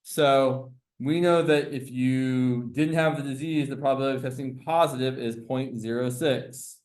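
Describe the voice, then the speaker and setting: A man's voice: medium pitch, fairly even intonation, normal speed, a little mellow. A man teaching a classroom lecture on probability, explaining step by step, asking the class questions and correcting himself as he goes.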